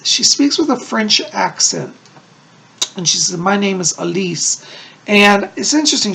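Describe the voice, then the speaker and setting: A man's voice: sits high, vocal fry, a bit bright, slightly rough. A man working as a psychic medium, doing a casual video reading, chatty and reassuring, often checking in with "okay?".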